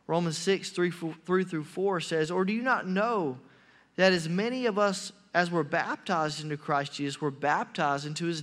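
A man's voice: sits high, a bit bright. A man preaching a sermon and reading scripture, emphatic, with frequent hesitant fillers.

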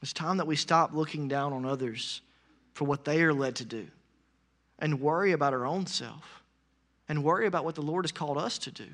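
A man preaching a sermon in a high, bright voice. He talks in a loose, conversational way full of fillers, then pushes into loud, urgent exhortation. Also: fairly quick.

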